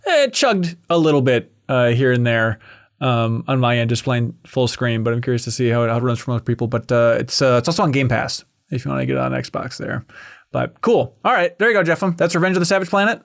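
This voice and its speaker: A man's voice: mid-range voice, lively intonation, fast talker, creaky. A man hosting a casual roundtable games chat, talking loosely with lots of fillers and restarts. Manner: chatty, many fillers and restarts. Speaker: podcast host.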